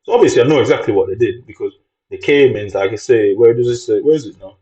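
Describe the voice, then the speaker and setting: A man's voice: medium pitch, fast, mellow. A man in a casual vlog monologue, rambling and agitated and swearing often. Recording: dull lo-fi recording.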